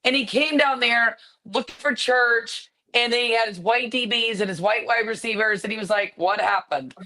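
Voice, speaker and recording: A woman's voice: on the high side, steady tone, normal speed, sharp tone, low-quality recording. A woman co-hosting a sports talk show, ranting with sarcasm and emphasis in casual chat. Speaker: podcast co-host.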